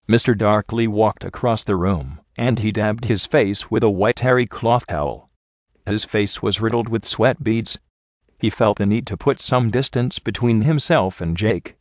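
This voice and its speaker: A man narrating an audiobook in a steady, even way. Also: fairly low pitch, a little slow, no echo, dull audio. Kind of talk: scripted narration.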